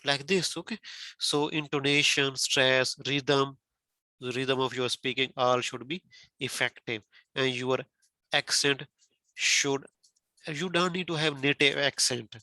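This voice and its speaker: A man's voice: medium pitch, flat delivery, a little slow, sharp tone, no room sound. A man whose first language is not English, teaching exam criteria carefully to a student, repeating points and asking questions. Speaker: test prep teacher.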